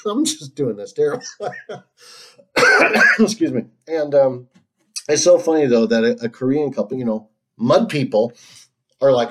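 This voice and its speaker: A man's voice: mid-range voice, animated, darkish tone. A man hosting a solo stream, talking in a casual, rambling monologue full of restarts, fillers and frequent laughs. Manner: halting, many restarts and fillers, laughs often.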